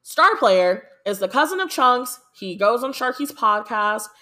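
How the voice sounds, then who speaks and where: A young woman from the United States hosting a podcast, chatting casually in a rambling, excitable way with lots of fillers and swearing. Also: on the high side, a little slow. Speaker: podcast host. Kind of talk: casual chat.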